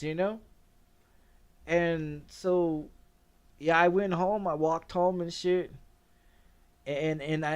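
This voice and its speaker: A middle-aged man telling a long, rambling personal story with lots of swearing and frequent laughter, as a streamer talking casually. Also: a little high. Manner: rambling, profane, laughing often.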